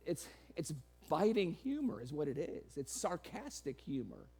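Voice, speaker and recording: Male preacher, high voice, lively sermon delivery with sarcastic humor and frequent laughs. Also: moderate pace, breathy edge. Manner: animated, laughing, sarcastic asides, quoting in raised voice.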